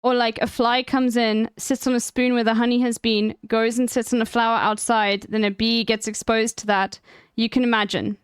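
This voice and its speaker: A woman's voice: a little high, flat delivery, normal speed, clear, resonant tone, no room sound, studio quality. A woman chatting casually on her stream, rambling and emphatic with plenty of swearing.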